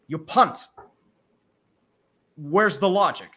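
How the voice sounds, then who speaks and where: A man talking football on a casual panel over a video call, building up animated, emphatic rants. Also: a little high, very slow. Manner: animated, rising to emphatic bursts. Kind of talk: casual sports chat.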